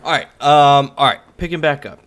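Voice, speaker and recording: A man's voice: fairly high pitch, a little fast, fairly bright tone, smooth. A man narrating as game master in a live-streamed tabletop game, talking casually and trailing off now and then. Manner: casual, laughs often, trails off mid-sentence.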